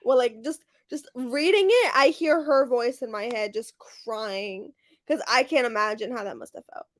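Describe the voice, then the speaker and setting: A young woman guesting on a book chat livestream, retelling her reactions in a dramatic, expressive way. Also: on the high side, normal speed.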